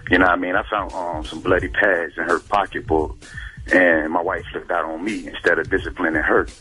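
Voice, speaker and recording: A man calling a radio show, flustered and rushed as he explains his trouble. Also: low-pitched, fairly even intonation, bright, forceful tone, faint music behind. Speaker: caller.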